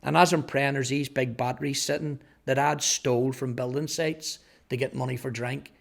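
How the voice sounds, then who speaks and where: A man's voice: medium pitch, fairly even intonation, normal speed, creaky. A man telling his personal testimony in an earnest storytelling way, often repeating words. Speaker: testimony speaker.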